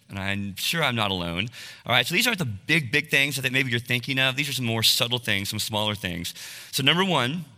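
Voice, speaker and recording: A man's voice: medium pitch, bright, forceful tone, big-room sound. A man in his forties giving an earnest, confessional sermon-style talk, often checking in with his listeners. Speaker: speaker at a men's talk.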